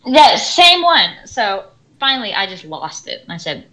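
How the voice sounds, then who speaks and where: Animated woman telling a classroom story. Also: mid-range voice, measured pace, rough recording. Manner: animated storytelling, swings loud and soft. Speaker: podcast co-host, school orchestra teacher. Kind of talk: casual podcast rant.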